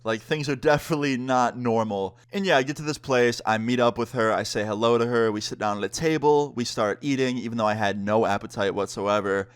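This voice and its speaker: A relaxed young man recounts a wild personal story in a casual storytime style. His voice sits in an ordinary middle pitch, and he slips into quick impressions of the people he quotes. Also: smooth. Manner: laid-back, acts out quotes of friends.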